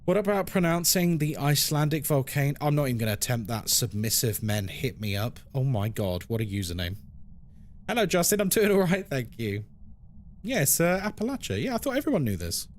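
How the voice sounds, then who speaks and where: A man's voice: medium pitch, slight background noise. A man streaming a game, chatting playfully and reading chat messages aloud. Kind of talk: casual live-stream chat.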